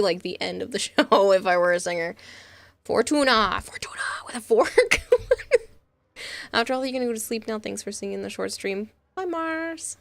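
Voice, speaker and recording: A woman streamer chatting casually late at night, keeping her voice quiet, tired and short of breath. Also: medium pitch, gravelly, no echo. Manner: deliberately quiet, reads chat aloud. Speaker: game streamer.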